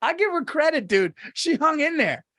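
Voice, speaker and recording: A man's voice: extremely high pitch, very animated, normal speed, fairly bright tone. A man co-hosting a podcast, telling rambling stories in casual chat, laughing and swearing as he goes. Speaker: podcast co-host.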